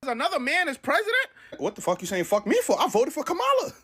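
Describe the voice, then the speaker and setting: A man's voice: wildly swooping pitch, fast talker, bright, forceful tone. A man with a New York accent ranting in heavy slang, exasperated and swinging his voice up and down. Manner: exasperated, heavy slang, swings between high and low pitch. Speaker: man ranting in a viral clip. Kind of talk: animated street-talk rant.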